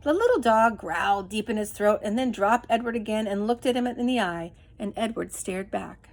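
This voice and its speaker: A woman reading a children's chapter book aloud in an expressive, measured way. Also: mid-range voice. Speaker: reader. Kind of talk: storybook read-aloud.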